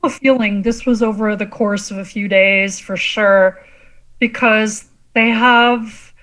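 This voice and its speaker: A woman from Canada, a guest on a podcast, chatting casually and in an animated way. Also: medium pitch, measured pace, low-quality recording. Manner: animated, quotes lines from scenes. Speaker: guest, comedic actress.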